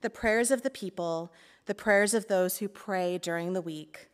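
A woman's voice: mid-range voice, a little slow, clean tone. A woman community life pastor giving a reflective sermon talk in church, playful and laughing at times, then earnest.

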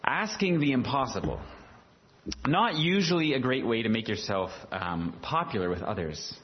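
A man's voice: mid-range voice, lively intonation, moderate pace, lo-fi sound. A man preaching a sermon in a conversational way, full of rhetorical questions and filler words. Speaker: pastor.

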